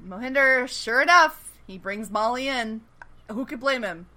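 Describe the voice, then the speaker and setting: A woman co-hosting a casual chat, recapping a TV show, animated and swearing freely as she acts out the characters' lines. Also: fairly high pitch, unhurried. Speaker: podcast co-host.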